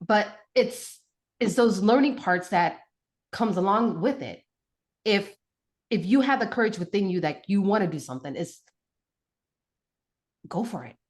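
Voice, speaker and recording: A woman, a guest on a talk show, telling a childhood story in a casual, animated way with lots of fillers and restarts. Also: mid-range voice, a little slow, long pauses. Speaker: podcast guest, mother.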